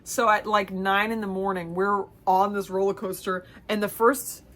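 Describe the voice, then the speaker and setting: A woman's voice: medium pitch, steady tone, moderate pace, a bit bright. Chatty, self-mocking woman vlogger. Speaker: vlogger and theater producer. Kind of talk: casual storytelling vlog.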